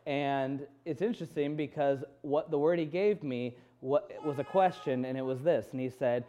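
Casting: a man preaching in a warm, smooth voice, candid and storytelling, slightly dull recording. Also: mid-range voice, moderate pace, few pauses. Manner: candid storytelling with quoted inner dialogue. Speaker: pastor. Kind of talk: sermon.

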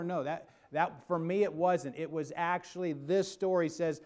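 Preaching man, dropping to a hushed voice. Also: sits high, steady tone, moderate pace, few pauses, smooth. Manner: preaching with rising emphasis, then dropping to a soft hush. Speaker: pastor. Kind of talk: sermon.

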